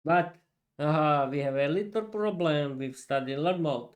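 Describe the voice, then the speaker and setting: Slow-talking man. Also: fairly high pitch. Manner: halting, laughs often, restarts sentences. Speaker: English teacher and podcast host. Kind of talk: casual live-stream lesson.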